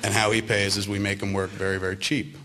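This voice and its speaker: A man in his thirties, with a fairly low voice and a quick pace, tells casual, profane anecdotes to a live crowd at a university event. He's animated and acts out the other people's lines in his stories, and the background is noisy.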